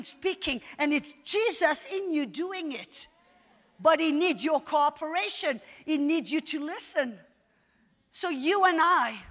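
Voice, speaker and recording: Woman, sermon, high-pitched, emphatic, hushed then shouting, reverberant hall. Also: lively intonation, slow pace. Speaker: conference speaker. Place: conference hall.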